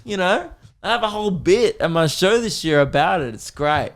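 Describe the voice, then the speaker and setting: A man's voice: animated, moderate pace, hardly any pauses. A young Australian man hosting a comedy podcast, telling a story casually, swearing and laughing as he goes. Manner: swearing, laughing, mimicking kids in a high voice.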